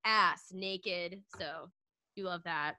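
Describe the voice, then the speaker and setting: A woman's voice: lowish voice, takes it slowly, bright, forceful tone, dry recording. Playful woman guest on a podcast, dry sound. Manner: playful, joking. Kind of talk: casual chat.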